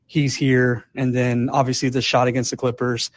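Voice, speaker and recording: A man calling in to a live podcast, talking casually in halting, rambling sentences full of fillers. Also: medium pitch, flat delivery. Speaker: caller. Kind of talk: casual call-in chat. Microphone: live audio app.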